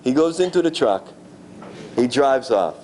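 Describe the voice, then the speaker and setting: A rabbi giving a dramatic storytelling sermon at a synagogue gala. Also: male voice, mid-range voice, measured pace, slight background noise. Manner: animated, dramatic preacher.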